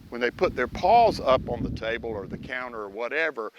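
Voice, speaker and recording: A man's voice: medium pitch, lively intonation, a little fast, lo-fi sound, background noise. A man and dog trainer giving a casual lesson, talking to his dog as he teaches. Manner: folksy, talks directly to his dog while teaching. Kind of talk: casual instructional video.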